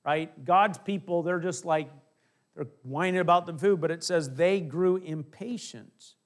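A middle-aged male pastor preaching a conversational sermon, acting out little asides and dropping from emphatic to hushed. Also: high-pitched.

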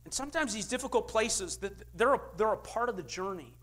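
An older man preaching a sermon as a pastor, emphatic, with big swings in pitch and loudness. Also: expressive, a little fast.

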